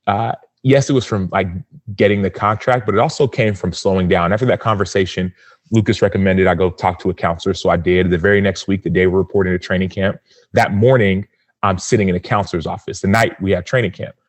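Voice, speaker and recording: Podcast guest, thirties, male: deep, earnest, lively storyteller, dry recording. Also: fast, no echo. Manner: earnest, animated storytelling with acted-out quotes. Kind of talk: personal storytelling.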